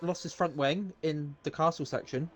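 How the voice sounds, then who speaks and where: A man doing live commentary on an online racing league, chatty and a bit halting, with frequent ums and laughs. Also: a little high, steady tone, a little hiss or hum. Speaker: race commentator.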